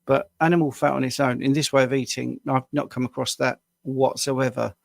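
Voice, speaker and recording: Tired UK man coaching a live viewer Q&A at his desk, rambling and self-deprecating, with a gravelly voice. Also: medium pitch, level tone, brisk, no echo, clean studio sound. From United Kingdom. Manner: casual, rambling, self-deprecating with small laughs. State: tired after a long day at the screen. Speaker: health coach answering viewer questions. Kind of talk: live Q&A stream.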